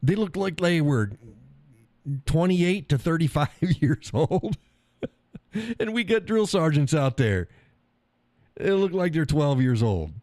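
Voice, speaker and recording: A man's voice: fairly high pitch, very animated, slow pace, pauses often, a little mellow, no room sound, clean studio sound. A middle-aged man hosting a live stream, talking casually in a blunt, profane way and laughing often. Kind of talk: casual opinionated monologue.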